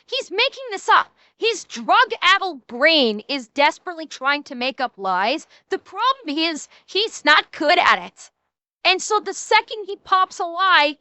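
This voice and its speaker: Blunt, mocking high-voiced woman streamer. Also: sharp tone, no room sound. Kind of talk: live-stream reaction commentary.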